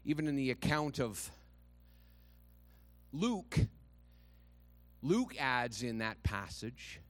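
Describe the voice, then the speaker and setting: A man's voice: medium pitch, sing-song, slow pace, dry recording, faint music behind. A male pastor preaching a sermon in a conversational, dramatic storytelling manner with touches of humor.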